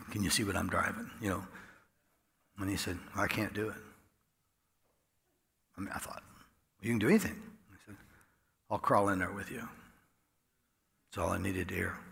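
A man preaching a sermon in a folksy storytelling way, dropping to a hush and then rising loud. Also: fairly low pitch, gravelly. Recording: echoey hall with long reverb.

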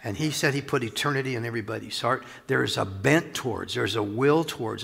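Male pastor, bright raspy-edged voice, casual conversational sermon in a reverberant sanctuary. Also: medium pitch. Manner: conversational, animated preaching with chuckles and asides. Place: church sanctuary. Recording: long reverb of a large hall.

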